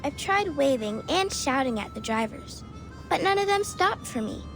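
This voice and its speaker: Woman putting on a high chirpy sheep lady, super polite and talkative. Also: sing-song, moderate pace, fairly bright tone, faint music behind, heavily acted. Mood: chatty. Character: chatty sheep-headed woman arcanist, polite and cheery.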